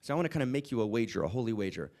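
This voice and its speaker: A man's voice: medium pitch, expressive, very fast, a little mellow. A man giving an impassioned inspirational talk to a summit audience, full of rhetorical questions and repeated "right?". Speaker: speaker at a summit. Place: conference room with audience.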